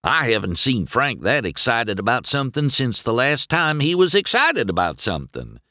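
Man doing a goofy tow truck, gleeful, teasing, lively swings in pitch, dry sound. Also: moderate pace, no echo. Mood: chatty. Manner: gleeful, teasing, higher and louder. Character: goofy drawling male tow truck, cheerful prankster.

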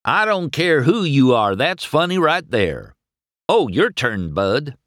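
A man's voice: wildly swooping pitch, measured pace, no room sound, clean studio sound, heavily acted. Male reader playing a cheerful prankster tow truck for an audiobook, teasing and bouncy. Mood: gleeful. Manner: gleeful, teasing, higher and louder.

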